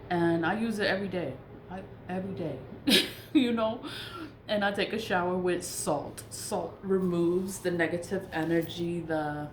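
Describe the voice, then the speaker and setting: A woman with a low, grounded voice talks through her spiritual routines in a frank, emphatic way, laughing often and swearing in asides. The room echoes around her, with a faint hiss underneath. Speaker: spiritual vlogger. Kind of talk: casual spiritual monologue.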